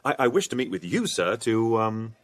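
A man's voice: fairly low pitch, very animated, moderate pace. An actor playing a young army captain who stammers and hedges to please his father. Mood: wheedling. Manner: stammering, hedging, eager to please. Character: young army captain, evasive and sly son.

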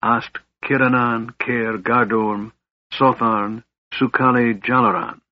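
A man reading the part of a frail young mage in a storybook, speaking quietly and sternly. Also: lowish voice, measured pace, husky, no echo, lo-fi sound. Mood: chanting spell. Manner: quiet, stern, hushed delivery.

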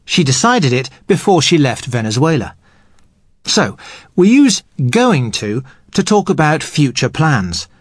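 Brief: patient male English teacher, fairly high, lively pitch, dry close mic. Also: slightly rough, no echo. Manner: patient, measured. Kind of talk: explaining grammar to learners.

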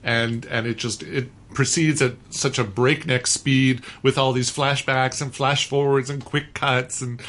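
A man's voice: mid-range voice, fairly even intonation, unhurried, few pauses, fairly bright tone. Male radio film critic, blunt and dismissive, laughs between lines. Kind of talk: casual radio chat.

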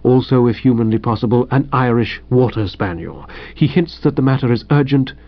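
A man reading the part of a deferential middle-aged male valet, measured and unruffled. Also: medium pitch, highs cut off, lightly acted. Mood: imperturbable.

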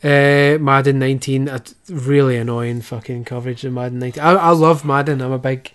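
A man's voice: mid-range voice, fairly even intonation, fairly quick, fairly bright tone, smooth. A man hosting a casual podcast chat, sarcastic, swearing and laughing often. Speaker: podcast host.

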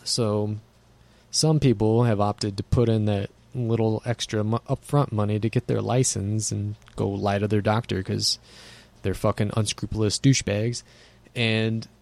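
A man's voice: on the low side, darkish tone. A man ranting casually to camera in a blunt, profane, rambling way.

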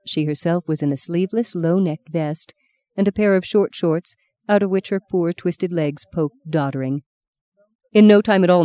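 A woman reading a novel aloud in a steady, measured narration. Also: on the low side, no echo, clean studio sound. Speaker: audiobook narrator. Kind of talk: scripted narration.

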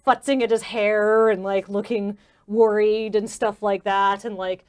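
A woman's voice: mid-range voice, flat delivery, measured pace, a little mellow, smooth. A woman narrating a tabletop game as game master in a casual, descriptive way. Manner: casual, descriptive, many fillers.

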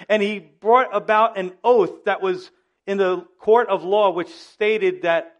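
A male pastor with a slightly high voice preaches in a lively, conversational way. He speaks straight to his listeners with frequent asides. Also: moderate pace. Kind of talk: sermon.

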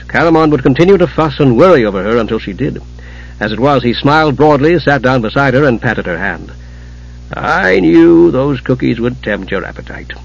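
A man narrating an audiobook in a steady storytelling manner, husky-voiced. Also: mid-range voice, lo-fi sound. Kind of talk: scripted narration.

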